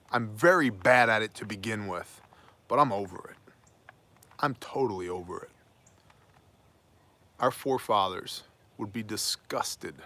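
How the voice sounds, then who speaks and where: A man hosting a daily news commentary with a bright, forceful edge to his voice. He speaks emphatically and preaches a little, breaking off for wry asides. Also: fairly low pitch. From United States. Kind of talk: opinionated daily news monologue.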